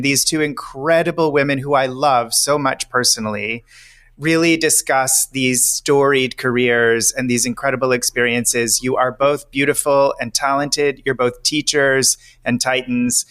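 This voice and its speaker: A man's voice: medium pitch, fairly even intonation, measured pace, fairly bright tone. A man co-hosting a podcast, speaking effusively and with heartfelt praise. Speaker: podcast co-host. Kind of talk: casual chat.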